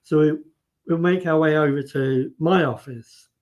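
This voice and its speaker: Guy with a slightly high voice telling his story, acts out the quotes, lots of restarts. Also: measured pace, lo-fi sound. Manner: vivid retelling with quoted dialogue and restarts. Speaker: guest. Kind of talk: casual storytelling.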